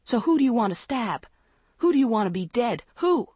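A woman's voice: medium pitch, big pitch swings, measured pace, breathy edge, dry recording. A woman voicing an angry, accusing teenage girl swimmer who snaps bitterly, in a storybook reading. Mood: furious.

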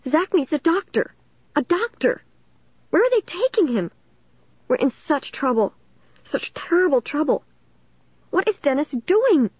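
A woman's voice: sits high, sing-song, measured pace, pauses often, no echo, muffled recording, pitched above the performer's own voice. A woman voicing a frightened, panicked teenage girl who pleads and repeats herself in a storybook reading.

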